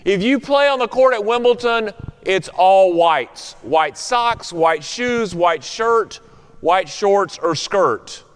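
A man's voice: high voice, lively intonation, slow pace, clear, resonant tone, big-room sound. A male pastor leading prayer and preaching a sermon, telling a story with varied pace and strong emphasis.

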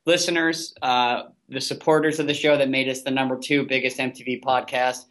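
A man's voice: medium pitch, little pitch movement, a little fast, a bit bright. Foul-mouthed man ranting on a podcast. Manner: profane, ranting, heavy swearing. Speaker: podcast co-host. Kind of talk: casual recap chat.

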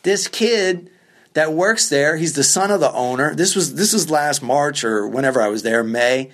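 A male stand-up comedian with a slightly high voice, spinning a loose, rambling story on his podcast. He mocks himself and swears freely in a relaxed, offhand way. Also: moderate pace. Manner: rambling, self-deprecating, profane. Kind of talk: casual storytelling.

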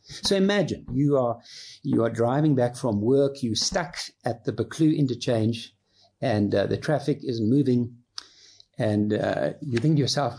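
A man preaching a sermon, reading aloud expressively and slipping into casual asides, with a husky voice. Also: mid-range voice, animated, a little slow, mellow. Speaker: pastor.

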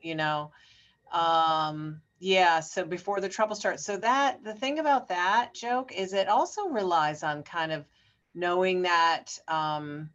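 Low-voiced questioning female co-host. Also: slow, a bit bright, lo-fi sound. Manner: questioning, probing. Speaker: podcast co-host. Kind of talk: casual chat.

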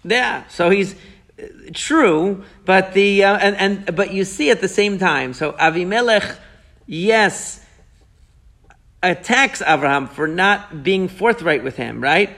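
High gravelly man teaching Torah. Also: slow pace. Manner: animated, questioning, explains with rhetorical questions. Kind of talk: Torah class discussion.

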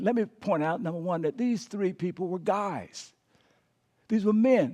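A man preaching a sermon as pastor, emphatic, sometimes dropping to a whisper and having the listeners repeat after him. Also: high voice. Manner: emphatic, dropping to quiet whispers on key words.

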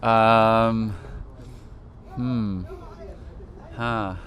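Frontman, male, low-ish voice, relaxed rambling talker, street interview outside a club. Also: very slow. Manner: laid-back, rambling, laughs easily. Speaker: band frontman. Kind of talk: casual interview chat.

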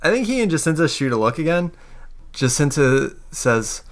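A man's voice: a little high, very animated, normal speed. A man narrating a tabletop game as game master, in a casual, hesitant way.

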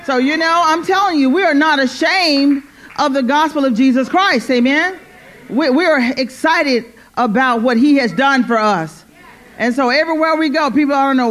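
During a church service, a woman preaches at normal speed in a high voice. Her fervent sermon is full of repeated phrases and calls of "Amen?" to the congregation.

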